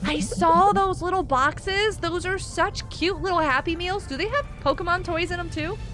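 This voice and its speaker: A woman hosting a live gaming stream, chatting excitably as she plays and reads out and thanks viewers from the chat. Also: extremely high pitch, normal speed, over loud music.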